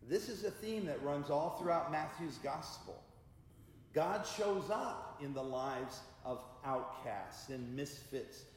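Slow-preaching male pastor in echoey church. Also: a little high, animated, slight background noise. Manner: measured, deliberate preaching. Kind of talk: sermon.

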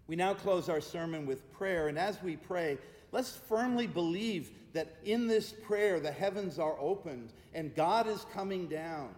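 A man preaching a sermon as pastor, speaking with emphatic repeated refrains and easing into hushed, slow prayer. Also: high-pitched. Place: church sanctuary. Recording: echoey church hall with long reverb.

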